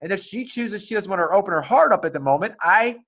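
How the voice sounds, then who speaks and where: A man's voice: sits high, animated, fast talker, fairly bright tone. A middle-aged man hosting a casual podcast conversation, telling stories animatedly and acting out dialogue in raised voices, swearing freely. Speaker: podcast host.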